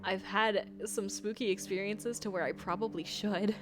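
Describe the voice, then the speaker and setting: A woman's voice: medium pitch, fairly even intonation, moderate pace. Giggly woman streamer with music behind. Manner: chatty, giggly, greets viewers warmly. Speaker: streamer reading chat's scary stories. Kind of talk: casual live-stream chat.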